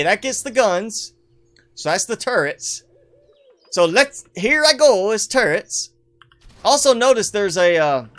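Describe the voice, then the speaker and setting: A man's voice: fairly high pitch, a bit bright. A man casually commenting on a player-built game base on a live stream, rambling and poking fun at himself. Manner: chatty, rambling, self-deprecating, chuckles often. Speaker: streamer showcasing player builds.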